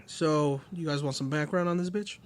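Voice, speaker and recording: High-voiced man narrating a true-crime case. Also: normal speed. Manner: reads case notes loosely, swears, laughs often. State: sick, under the weather. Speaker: podcast host. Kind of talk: casual true-crime chat.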